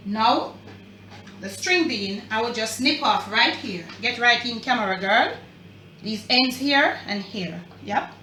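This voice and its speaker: Bright-voiced Jamaican woman in an echoey kitchen. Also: fairly high pitch, distant mic, a little hiss or hum. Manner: chatty and emphatic, addresses viewers directly. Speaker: cooking channel host. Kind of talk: casual cooking vlog. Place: home kitchen. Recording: echoey kitchen, away from the mic.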